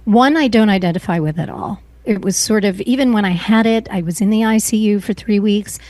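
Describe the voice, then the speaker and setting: A middle-aged woman as an interview guest, speaking earnestly and emotionally, often pausing and restarting her sentences. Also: mid-range voice, a little mellow, dry recording. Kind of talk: personal interview.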